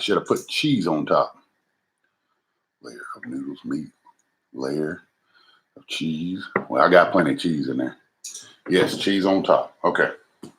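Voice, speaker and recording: Here the cooking stream host has a deep, slightly bright voice. Recorded noisily at home, he cooks while chatting folksily with viewers and making self-deprecating jokes.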